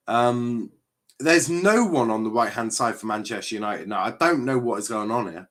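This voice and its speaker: A man's voice: medium pitch, lively intonation, moderate pace, a bit bright. A man hosting a live football watchalong stream, reacting with exasperation and frequent swearing as he chats to viewers.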